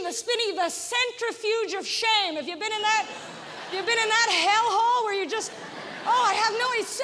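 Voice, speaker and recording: Middle-aged woman comic, very high voice, ranting stand-up set on a festival stage, echoing hall. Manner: animated, ranting, mimics voices. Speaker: stand-up comedian. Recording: live hall with reverb and audience noise.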